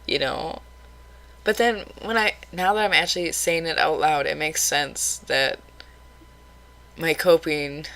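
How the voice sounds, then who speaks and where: Bright-voiced woman rambling candidly. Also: low voice, rough recording. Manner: rambling, candid, self-critical. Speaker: vlogger. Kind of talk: casual late-night vlog.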